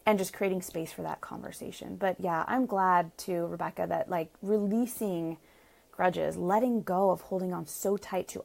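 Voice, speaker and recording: A woman's voice: fairly low pitch, normal speed, gravelly, a little mellow. A woman relationship coach answering viewer comments in a live Q&A, chatty and earnest, laughing often and acting out little quoted asides.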